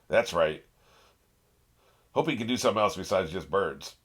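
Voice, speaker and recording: A man's voice: low-pitched, lively intonation, takes it slowly, long pauses, a bit bright, breathy edge. A man reacting to an anime episode in casual commentary, getting worked up, laughing often and swearing at the characters on screen. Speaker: reaction channel host.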